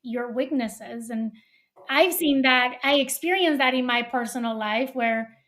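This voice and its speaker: High-voiced woman hosting a podcast. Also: measured pace, fairly bright tone. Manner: affirming, reflective interviewer. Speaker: podcast host. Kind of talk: interview host and read ad.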